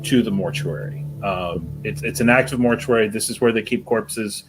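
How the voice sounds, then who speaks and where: A man narrating a tabletop role-playing game as game master, describing scenes in a measured way. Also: lowish voice, soft background music.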